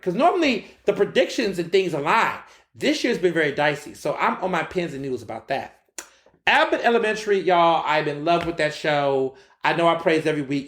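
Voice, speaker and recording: A fairly high-voiced man runs his solo podcast in a loose, animated style, with slangy asides aimed right at his listeners. His voice rings out in a roomy, echoing space. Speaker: podcast host. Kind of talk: casual solo commentary.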